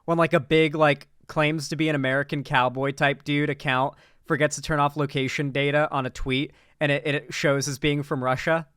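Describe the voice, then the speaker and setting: A man's voice: on the high side, little pitch movement, moderate pace, few pauses, fairly bright tone, clean tone, dry recording, clean studio sound. Sarcastic man ranting in commentary. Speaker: political commentary streamer. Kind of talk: reaction commentary.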